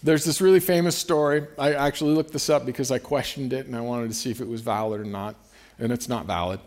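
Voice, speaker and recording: A man preaching in a relaxed, conversational way. His voice sits in a middle range, and he leans hard on key phrases as he reads and explains scripture. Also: mid-range voice, quick pace. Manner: conversational, emphatic with restarts and scripture reading. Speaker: pastor. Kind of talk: sermon.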